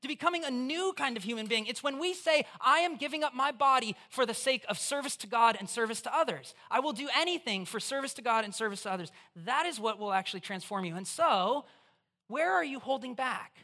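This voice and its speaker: A preacher giving a conversational, animated sermon in church, putting questions straight to the listeners. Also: mid-range voice, a little fast. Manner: acts out voices in quotes.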